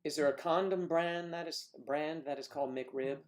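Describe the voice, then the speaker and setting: A man's voice: on the high side, fairly even intonation, moderate pace, soft background music. A man hosting a livestream, chatting casually and joking in rambling asides as he reacts to viewer comments. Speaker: livestream host.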